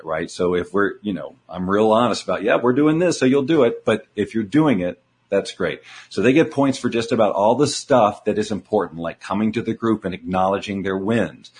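Low-ish guy coach talking in an interview, earnest, keeps explaining stuff. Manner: earnest, explanatory, repeats key words. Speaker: guest, transformation coach. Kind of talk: conversational interview.

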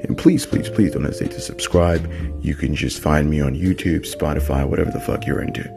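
A man's voice: extremely low pitch, fairly quick, gravelly, music in the background. A young man hosting a podcast, telling a story in a laid-back, profane, rambling way. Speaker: podcast host. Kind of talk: casual storytelling.

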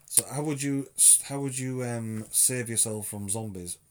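A man's voice: medium pitch, unhurried. Dry, teasing young man chatting. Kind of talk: casual chat.

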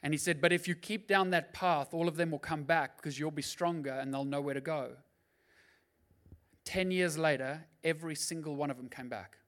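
A middle-aged man preaching as a pastor, swinging between loud urging and quiet, personal storytelling. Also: a little high, moderate pace. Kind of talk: sermon.

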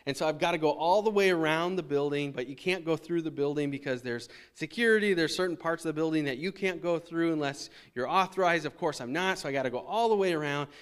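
Man, pastor, thirties, church sermon, conversational, fillers and restarts, somewhat high pitch. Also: fast, few pauses, clear, resonant tone. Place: church sanctuary.

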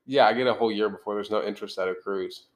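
A man in his twenties hosting a casual podcast chat, upbeat and quick to laugh. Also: fairly low pitch, steady tone. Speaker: podcast host.

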